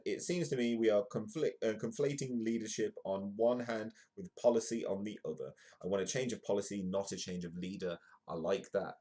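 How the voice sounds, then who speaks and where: A man's voice: on the low side, dark tone. A man hosting a comedic live news show, reading newspaper stories aloud and breaking off for jokey asides. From United Kingdom. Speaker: host.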